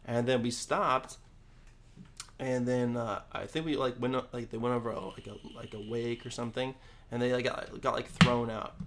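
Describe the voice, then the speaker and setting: Gravelly laid-back young man. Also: medium pitch, fairly even intonation, a bit bright. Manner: laid-back, short agreeing replies and halting anecdotes. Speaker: podcast co-host. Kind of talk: casual chat.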